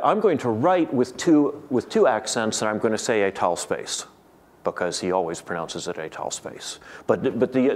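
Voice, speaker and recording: Low-voiced man giving a lecture. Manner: thinking aloud, frequent restarts and repeated words. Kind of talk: academic lecture.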